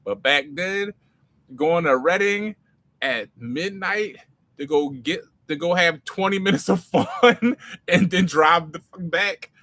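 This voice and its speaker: Bright-voiced man telling stories. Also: on the high side, slow pace. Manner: animated, slangy, swings loud and soft. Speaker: comedy writer and creator. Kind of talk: casual storytelling Q&A.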